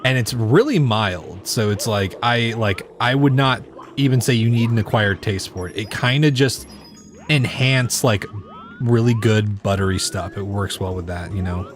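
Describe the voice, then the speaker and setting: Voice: mid-range voice, moderate pace, soft background music. A streamer chatting loosely with viewers while playing a game, rambling and often breaking into long fits of laughter. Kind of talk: casual chat with live stream viewers while gaming.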